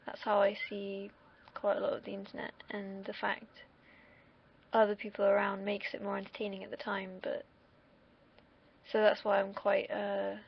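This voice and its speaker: A young woman talks straight to camera in a loose, wandering monologue. Her voice is full of vocal fry, and she swears casually and puts herself down. The sound is a bit dull and lo-fi. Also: mid-range voice, slight background noise. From United Kingdom. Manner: rambling, self-deprecating, swears freely. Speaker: vlogger. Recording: dull lo-fi recording.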